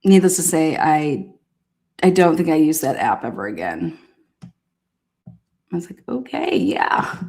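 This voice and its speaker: Low-voiced woman telling a profane anecdote. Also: measured pace, long pauses. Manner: profane, animated, laughing while telling a story. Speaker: storyteller recounting past events. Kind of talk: casual anecdote.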